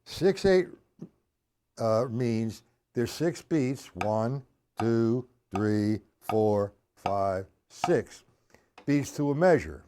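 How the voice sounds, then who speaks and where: Guy teaching drums on a stream, counts real slow, faint hiss behind. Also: mid-range voice, expressive, mellow. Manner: counts beats aloud slowly, chats with viewers. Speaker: drum teacher. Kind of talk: live-streamed drum lesson.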